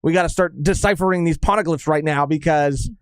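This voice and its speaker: A man's voice: fairly high pitch, fairly quick, smooth, dry recording, clean studio sound. A man co-hosting a casual live podcast, upbeat, laughing often and reading chat comments aloud. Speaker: podcast co-host.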